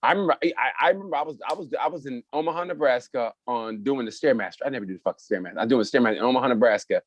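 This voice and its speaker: A man's voice: mid-range voice, rapid-fire, no room sound, lo-fi sound. A man from Oklahoma co-hosting a podcast, telling stories in casual, profane chat. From Oklahoma, USA. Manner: profane, animated storytelling. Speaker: podcast co-host.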